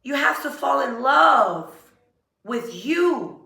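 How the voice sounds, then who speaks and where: A woman giving an earnest, emotional motivational talk, repeating affirmations slowly. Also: high-pitched, sing-song, vocal fry, sharp tone. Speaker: self-help vlogger. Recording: roomy echo, a bit far from mic.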